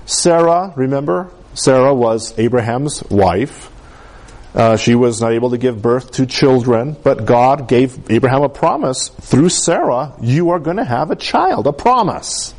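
A man delivers a sermon with animation, performing the voices of the people he quotes. His pitch is medium and his pace a little slow.

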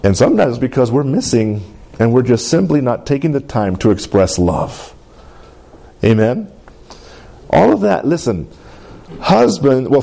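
A middle-aged male pastor who preaches a sermon in a lively call-and-response way and drops into playful voices now and then. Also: a little high.

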